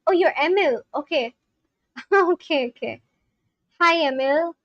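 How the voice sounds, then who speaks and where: High-voiced chatty woman streamer. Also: slow, no echo, highs cut off. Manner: chatty, reads viewer comments aloud and asks them questions. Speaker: live-streamer learning a language. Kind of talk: casual live-stream chat.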